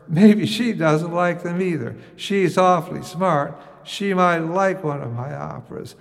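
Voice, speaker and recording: A man's voice: fairly high pitch, creaky, in a large hall. An older man from the United States telling a wry, musing first-person story.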